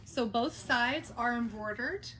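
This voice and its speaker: A woman's voice: fairly high pitch, slow, bright, forceful tone. A woman with an Ozark Arkansas accent hosting a live shopping stream, chatting and laughing as she shows off handbags. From Boston Mountains of the Ozarks, Arkansas. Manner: chatty, laughs often while showing products. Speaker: live-stream shop host.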